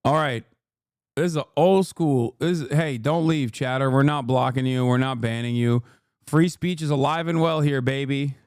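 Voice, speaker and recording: A man's voice: mid-range voice, steady tone, moderate pace, darkish tone, smooth, no room sound, clean studio sound. A man in his thirties streaming live, reacting to clips and arguing with his chat in a profane, sarcastic, combative way. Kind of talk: livestream reaction commentary.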